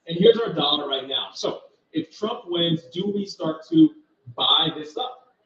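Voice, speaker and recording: Casual trading host, distant roomy sound. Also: male voice, on the high side, animated, a little slow, fairly bright tone, lo-fi sound. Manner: casual, talks to viewers directly, thinks aloud. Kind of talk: live market commentary with screen share.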